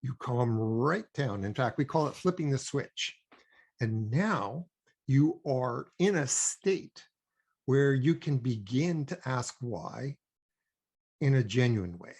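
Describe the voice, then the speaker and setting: An older man from Canada, a guest expert on child development, explaining at a measured pace with frequent ums and emphatic points. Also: medium pitch, animated, vocal fry, darkish tone, slightly rough. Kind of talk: conversational explaining.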